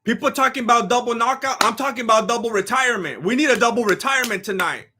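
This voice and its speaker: A man hosting a live fight watch-along, talking casually and excitably, rambling with restarts and bursts of shouting. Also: extremely high pitch, quick pace, noisy background.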